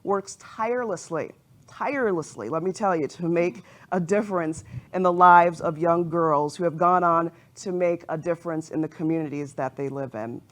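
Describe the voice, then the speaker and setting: A woman's voice: on the low side, fairly even intonation, normal speed. A woman emcee gives an emphatic, formal stage introduction at a fundraiser. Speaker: event emcee introducing the speaker.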